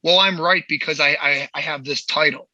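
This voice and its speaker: Blunt, profane, high-voiced man. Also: fairly even intonation, moderate pace, bright, forceful tone, no room sound, highs cut off. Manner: blunt, profane, heated and emphatic. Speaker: podcast host, movement coach. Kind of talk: casual podcast chat.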